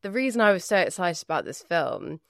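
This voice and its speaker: British woman on a movie podcast, low-ish voice, chatty, dry mic. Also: big pitch swings, brisk, creaky, fairly bright tone, no echo. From Britain. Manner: chatty, laughs easily. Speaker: podcast guest. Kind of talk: casual film discussion.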